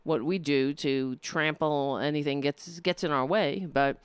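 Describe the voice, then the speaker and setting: A woman's voice: sits low, fairly even intonation, clean tone, no room sound. A woman giving an indignant opinion monologue, often stumbling and restarting as she builds her point. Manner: impassioned, indignant, with halting restarts.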